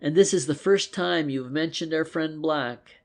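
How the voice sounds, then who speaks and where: A man's voice: a little high, a little slow. A man playing an intense young policeman. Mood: confident. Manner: earnest, forceful.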